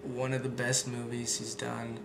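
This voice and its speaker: In this casual vlog, a young man who makes videos rambles along, dropping lots of fillers and curse words. He speaks unhurriedly at a medium pitch, completely flat, with vocal fry. Background noise and room echo are audible.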